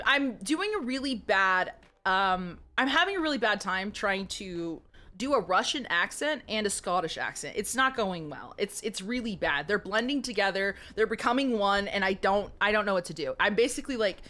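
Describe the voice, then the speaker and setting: A woman's voice: medium pitch, expressive, normal speed, sharp tone. A woman streamer chatting casually and giggling as she rambles to her viewers. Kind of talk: casual live-stream chat.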